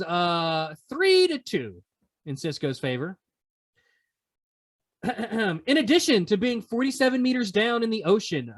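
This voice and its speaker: A man hosting a podcast quiz segment, teasing the players in a playful, casual way. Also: sits high. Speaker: podcast host running a quiz. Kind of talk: casual chat.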